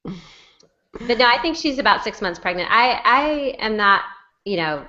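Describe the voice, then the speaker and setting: A woman chats as a podcast co-host, gushing and effusive, her voice bright and forward. The sound comes over a dull, lo-fi video call. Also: mid-range voice, animated, measured pace. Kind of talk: casual chat.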